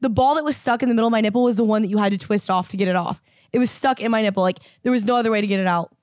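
A woman's voice: mid-range voice, very fast, darkish tone, no echo, studio quality. A woman in her twenties from Indiana, chatting casually as a podcast co-host and telling a story with lots of fillers and swearing. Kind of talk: casual chat.

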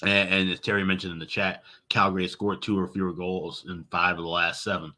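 A man's voice: sits low, flat delivery, brisk, bright, forceful tone. A man co-hosting a hockey betting show, conversational and stacking up stats, with repeated words as he goes. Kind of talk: sports betting analysis.

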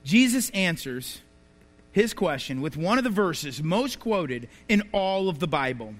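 A man with a high, light voice preaches to his congregation, spinning anecdotes and tossing out rhetorical questions. His words ring out with a long reverberant tail, as if spoken in a large church sanctuary. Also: sing-song, a little slow. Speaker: pastor. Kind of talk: sermon. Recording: reverberant hall.

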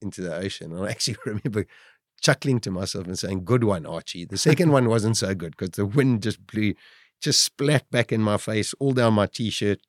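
Lively middle-aged man telling a survival story. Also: fairly low pitch, moderate pace, dry recording, clean studio sound. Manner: vivid, lively retelling, rising to shouts at dramatic moments. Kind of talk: animated first-person storytelling.

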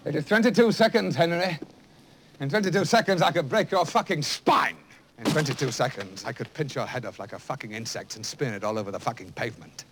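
An actor playing a menacing, eccentric male film director who speaks in a theatrical, flatly threatening way with sudden bursts. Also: fairly high pitch, a little fast, close to an everyday voice. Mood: raging. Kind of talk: film drama acting. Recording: film soundtrack with clear background noise.

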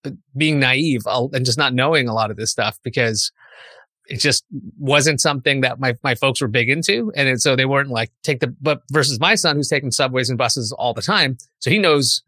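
A man's voice: medium pitch, brisk, no room sound, studio quality. A middle-aged man with a New York accent, chatting as a guest in an interview and acting out little scenes of dialogue. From Queens, New York. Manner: animated, acts out dialogue in quoted voices. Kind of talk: casual interview chat.

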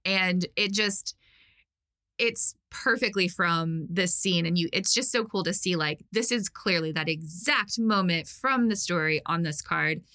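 A woman's voice: on the low side, a little slow, pushed and bright. A woman co-hosting a podcast, chatting enthusiastically with lots of fillers. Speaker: podcast co-host. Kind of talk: casual chat.

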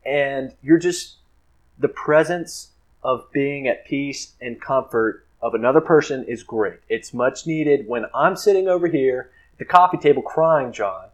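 A man's voice: medium pitch, a little slow, low-quality recording. A man co-hosting a podcast, talking casually with mock-dramatic, playful complaints. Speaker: podcast co-host. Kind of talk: casual chat.

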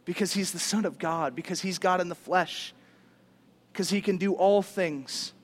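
A male pastor preaching a sermon in an animated, casual, conversational way, using slang. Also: high voice, normal speed.

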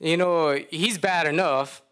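A man's voice: on the high side, slow pace, a bit bright, smooth. A man with a Louisiana accent preaching a sermon in a folksy storytelling way, acting out the characters.

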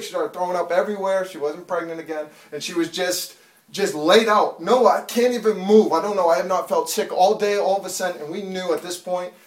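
A man in his thirties giving a fervent testimony in church, building from storytelling to loud, pleading prayer. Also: high voice, reverberant, distant mic. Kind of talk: preached testimony.

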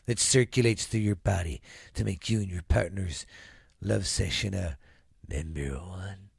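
A man voicing a sleazy male pitchman in a mock advertisement, with a low, slow, hushed delivery. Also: gravelly, husky, no echo, clean studio sound, heavily acted. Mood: smarmy.

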